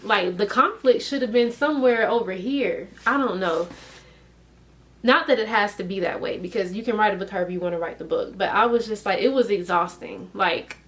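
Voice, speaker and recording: A woman in her thirties giving a casual book review vlog, talking in an animated, emphatic way and firing off rhetorical questions. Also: on the low side. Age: 30s.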